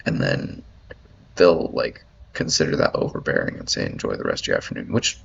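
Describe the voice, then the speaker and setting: Brief: very deep, husky man, rambling profane rant, dull lo-fi sound. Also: sing-song, fairly quick. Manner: rambling, profane, lots of "like" fillers. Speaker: commentator reading an article aloud. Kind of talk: ranting commentary. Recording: dull lo-fi audio.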